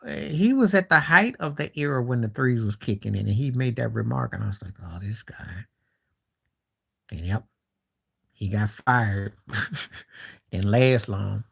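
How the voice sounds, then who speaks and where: A man's voice: medium pitch, lively intonation, unhurried, creaky, husky. A man hosting a live stream, talking basketball in a loose conversational way, trailing off and restarting, with incredulous asides. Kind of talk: casual basketball talk.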